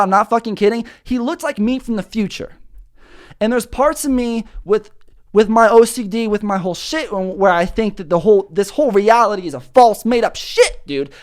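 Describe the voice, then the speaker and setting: A young man hosting a podcast, telling rambling comedic stories in a profane, animated way. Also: high voice. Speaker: podcast host.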